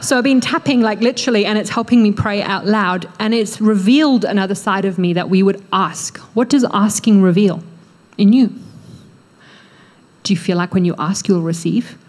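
An Australian woman preaching a sermon in a church, acting out quoted prayers with animated energy. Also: medium pitch, moderate pace. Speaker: pastor. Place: church hall.

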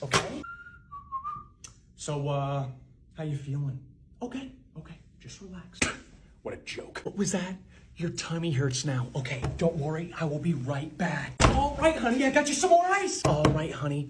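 A man playing a school nurse in a comedy sketch, talking sugary-soft with an impatient edge. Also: a little high, background noise, natural voice.

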